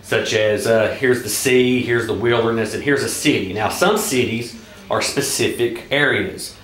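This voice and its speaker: A man with a Southern US accent casually walking through a board game's rules, halting often with filler sounds and restarts. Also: medium pitch, a bit bright. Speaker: board game reviewer. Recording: echoey room.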